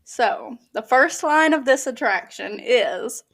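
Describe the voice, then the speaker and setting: A woman co-hosting a casual podcast, running a guessing game and reading the clues deliberately. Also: fairly high pitch, lively intonation, fairly bright tone, slightly rough. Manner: reads quiz clues deliberately, laughs between. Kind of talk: casual chat.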